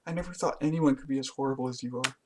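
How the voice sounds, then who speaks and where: A man voicing an anguished teenage girl club president, reading her lines in a tearful, pleading falsetto. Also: rapid-fire, slight background noise, close to an everyday voice. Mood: bitter. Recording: loud game music under voice.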